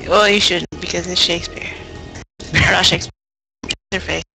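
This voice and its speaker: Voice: medium pitch, fairly even intonation, fairly quick, creaky, bright, forceful tone, soft background music, low-quality recording. A player at an online tabletop game, chatting casually and laughing often, correcting themselves as they talk.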